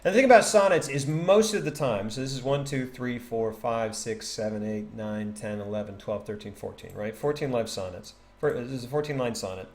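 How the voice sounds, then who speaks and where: A man casually teaching a poem on a livestream, chatty and animated, thinking aloud and tapping out rhythms. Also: medium pitch, fairly quick, few pauses. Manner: taps out rhythm with nonsense syllables. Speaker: streamer explaining a poem.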